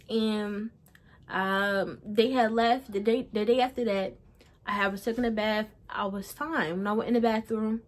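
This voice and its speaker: A young woman recounts a personal story to camera in a loose, casual storytime vlog. She rambles, circles back and repeats phrases as she goes, and her voice sits a little higher than most women's. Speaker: vlogger.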